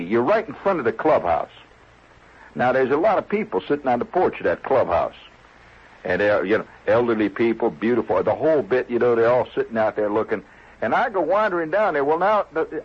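Male comic storyteller, folksy and rambling, husky voice with a lively pitch, on a dull lo-fi radio recording. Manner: folksy, digressive, lots of "see?" and "you know". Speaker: comedian.

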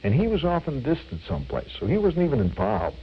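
An older man telling a childhood memory as a vivid, animated radio storyteller. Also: medium pitch, fast, muffled recording, slight background noise.

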